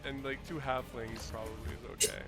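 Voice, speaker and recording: A man's voice: medium pitch, little pitch movement, fairly quick, over music. A man playing a tabletop game with friends, chatting casually and playfully, often laughing and stumbling over his words. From Canada or Australia. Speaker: player.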